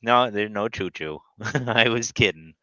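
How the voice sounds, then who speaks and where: Deep, bright-toned man coaxing his kid. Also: unhurried, no room sound. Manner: easygoing, softly coaxing his small child. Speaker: guest on the chat, a father. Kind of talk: casual chat. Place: home, on an online call. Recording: dull, dry lo-fi call audio.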